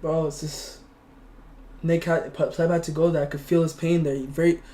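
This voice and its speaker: An earnest young man chats on his livestream, his voice sitting a bit high. He gets emotional and trips over his words, repeating them as he goes. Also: flat delivery, normal speed, warm tone. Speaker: streamer. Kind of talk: casual livestream chat.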